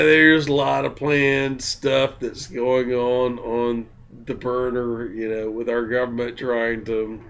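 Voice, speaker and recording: A man who is drunk, talking in a slow, meandering, giggly way with many ums in a spiritual monologue to camera. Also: mid-range voice, vocal fry, fairly bright tone. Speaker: spiritual vlogger.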